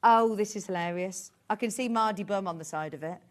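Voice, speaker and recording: A woman's voice: mid-range voice, a little fast. A woman presenting on a live shopping channel, gushing over craft products in upbeat sales patter.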